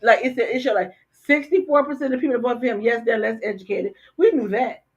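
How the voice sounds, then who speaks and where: An older woman co-hosting a casual talk show, blunt and animated, often stammering and repeating words. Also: fairly high pitch, quick pace. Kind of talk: casual political chat. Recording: dull lo-fi stream audio.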